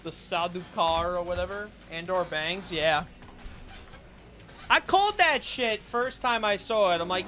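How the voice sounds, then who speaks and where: A young man chatting on a live stream, loose and profane, with plenty of filler words. His voice sits a bit high for a man. Music plays clearly behind him. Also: animated, a little slow, sharp tone. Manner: casual and profane, rambling with many fillers. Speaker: livestream streamer. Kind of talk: casual livestream chat while gaming.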